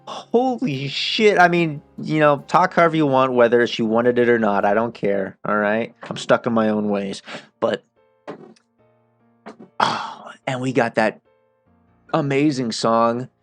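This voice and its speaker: Animated, swearing man reviewing a game. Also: medium pitch, unhurried, long pauses, no room sound, faint music behind. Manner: animated, swears freely, emotional. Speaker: gaming video creator. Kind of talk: casual game-review commentary.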